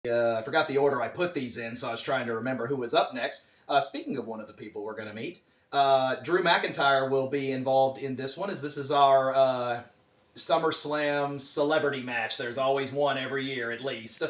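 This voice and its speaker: A man's voice: mid-range voice, brisk. Rambling man in an echoey room. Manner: rambling, filler-heavy, relaxed. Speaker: wrestling podcast co-host. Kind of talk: casual chat, predictions. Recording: roomy, distant, dull mic.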